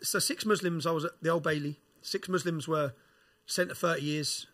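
A man telling a prison story as a podcast guest, animated, swearing and using slang. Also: on the high side, normal speed. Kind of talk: casual storytelling.

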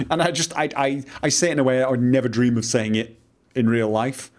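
Here a Mancunian-accented man from Manchester, England speaks briskly in a mid-range voice. As a Let's Play host, he rambles theatrically through commentary on the video game he plays, using exclaiming inflections.

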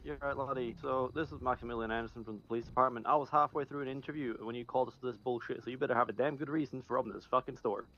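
A man's voice: mid-range voice, fairly even intonation, rapid-fire, few pauses, fairly bright tone, muffled recording, a little hiss or hum. A man playing a police officer in a game role-play, questioning a suspect in a stern, sarcastic way.

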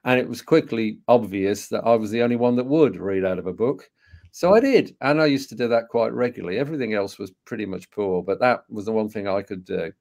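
A man in his sixties from England with a Birmingham accent, telling a personal story to an audience, full of rhetorical questions and halting restarts. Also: fairly low pitch, expressive, vocal fry, darkish tone. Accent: Birmingham English. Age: 60s. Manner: anecdotal, rhetorical questions, frequent hesitations and restarts. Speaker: speaker and co-author.

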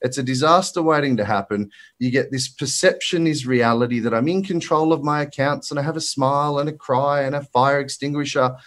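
Presenting at a virtual summit, this Australian man speaks as a finance broker with a medium-pitched, fairly bright voice at a slightly fast clip. He's blunt, emphatic and a little breathless, tossing in colloquial asides, all through a live-event presenter mic.

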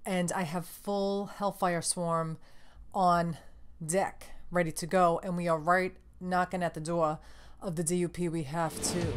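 A woman hosting casual let's-play commentary, excitable and swearing loudly at the game. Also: on the low side. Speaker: gameplay host. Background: game music.

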